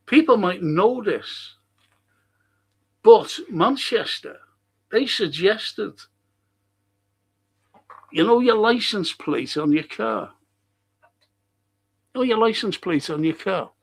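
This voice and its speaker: A man's voice: sits high, animated, takes it slowly, vocal fry, pauses often, husky. A man hosting a rambling solo monologue, blunt, swearing and often restarting his sentences. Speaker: host.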